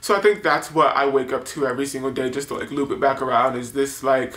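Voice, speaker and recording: A man's voice: medium pitch, steady tone, quick pace, fairly bright tone. A man in his twenties telling a personal story in a casual confessional vlog, rambling with many filler words and nervous laughs. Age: 20s. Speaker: YouTuber. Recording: roomy echo.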